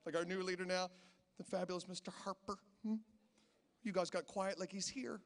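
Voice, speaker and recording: High-voiced stand-up comic. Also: male voice, steady tone, normal speed, in a large hall. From Canada. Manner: chatty storytelling, acts out quoted voices. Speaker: stand-up comedian. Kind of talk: stand-up comedy set. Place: casino stage.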